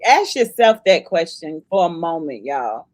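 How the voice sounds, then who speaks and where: A woman's voice: fairly low pitch, sing-song, unhurried, no room sound, rough recording. A woman co-hosting a casual livestream who mostly backs up the host with short agreements.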